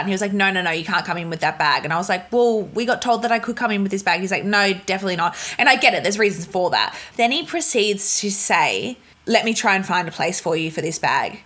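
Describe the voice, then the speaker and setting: A young woman vlogger telling stories casually and with energy, laughing often and acting out the people in them, over a humming laptop. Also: mid-range voice. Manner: animated, laughing, acts out voices in stories. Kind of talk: casual storytelling to camera. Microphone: laptop mic. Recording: laptop fan humming behind.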